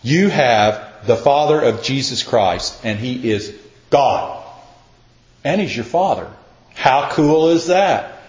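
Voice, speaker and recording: A man's voice: medium pitch, expressive, slow, darkish tone. Older man, pastor, conversational emphatic sermon, echoey hall, muffled. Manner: emphatic, conversational preaching with acted-out asides.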